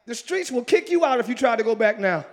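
A man pastor preaching a lively sermon, swinging between loud shouted lines and quiet joking asides with the congregation, breaking into ecstatic exclamations. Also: very high voice, quick pace. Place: large church sanctuary with congregation.

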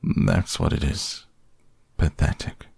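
A man's voice: a little mellow, dry recording, clean studio sound, close to an everyday voice. A man doing a gloomy old donkey. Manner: slow, mournful, self-pitying.

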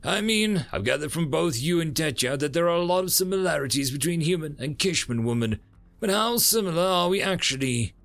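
Guy doing a teasing lady marine, lively and up high. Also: brisk, gravelly, faint music behind. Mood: curious. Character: tough young female Marine, teasing.

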